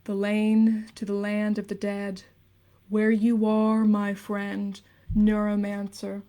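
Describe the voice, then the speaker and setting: A woman voicing an uncanny male AI from a cyberpunk story, speaking slowly and solemnly for the dead in an accent. Her mellow tone stays low-key. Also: completely flat delivery, close to an everyday voice. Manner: slow, solemn quoted lines in an accent.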